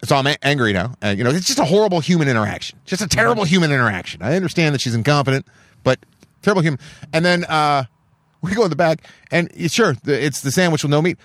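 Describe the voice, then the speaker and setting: A man's voice: a little high, lively intonation, quick pace, a bit bright, no echo. A man hosting a casual podcast, telling stories in an exasperated, swearing rant. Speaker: podcast host. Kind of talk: casual storytelling chat.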